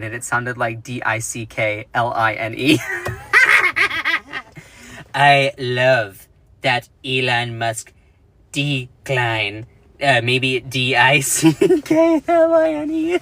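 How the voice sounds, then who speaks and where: Bright-voiced man hosting a chatty livestream. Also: mid-range voice, dry recording. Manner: chatty and jokey, giggles at own jokes, reads out news. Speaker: livestream host. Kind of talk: casual political commentary livestream.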